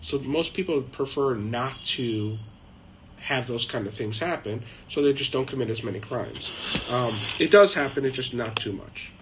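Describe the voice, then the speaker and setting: A man with a mid-range voice, speaking at normal speed over background noise, runs a casual live chat from his shed. He rambles chattily through viewer questions, laughs a lot, and imitates people.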